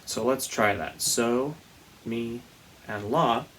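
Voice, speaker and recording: A man teaching a music lesson to young children, speaking gently and patiently and demonstrating vocal slides with high sung sounds. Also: slow, slight background noise.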